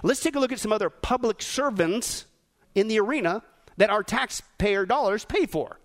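A man preaching a sermon as pastor, animated, acting out rude voices and dropping to quiet emphasis. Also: high-pitched, moderate pace.

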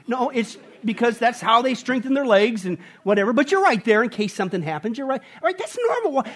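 A middle-aged man delivers a sermon in a lively, conversational way, his fairly high voice swinging widely in pitch. He keeps checking in with "right?" and acts out little family scenes with playful put-on voices. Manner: animated, conversational preaching with frequent "right?". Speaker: pastor.

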